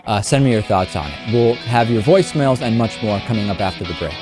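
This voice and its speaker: A man hosting a political talk show, giving wry, quick commentary with frequent restarts. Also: lowish voice, animated, over music. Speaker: host.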